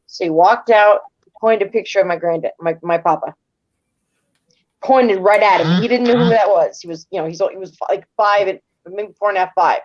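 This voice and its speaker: A woman's voice: medium pitch, brisk, darkish tone, dull audio. A middle-aged woman telling stories casually as an interview guest, rambling and repeating words as she retells events. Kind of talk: casual storytelling.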